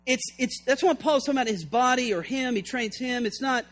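A man's voice: very high-pitched, brisk, fairly bright tone. A man preaching a sermon with fervor, reading scripture and acting out its scenes. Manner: fervent, acts out scripture scenes.

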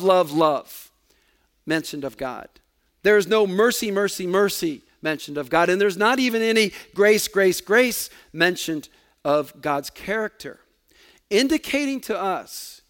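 A man preaching with a high-pitched voice. He repeats key words for emphasis and lets his voice sink low at the ends of phrases. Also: a bit bright. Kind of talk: sermon.

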